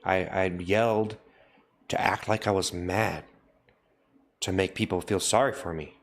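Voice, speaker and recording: A man hosting a livestream, repeating a deadpan mock confession over and over. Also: low-pitched, unhurried, pauses often. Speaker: livestream host. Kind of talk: mock-solemn livestream apology.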